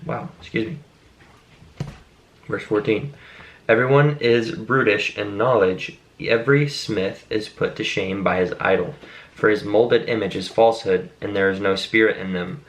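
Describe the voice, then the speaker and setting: A man reading scripture aloud at a steady, measured pace, now and then stopping to explain a word. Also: lowish voice, rough recording. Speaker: Bible reader.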